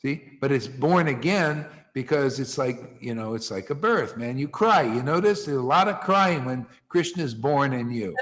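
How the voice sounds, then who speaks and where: A man leading a devotional gathering, preaching informally with emphatic rhetorical questions that rise to near shouts. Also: medium pitch, expressive, moderate pace, hardly any pauses, in a large hall. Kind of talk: informal preaching to a small group.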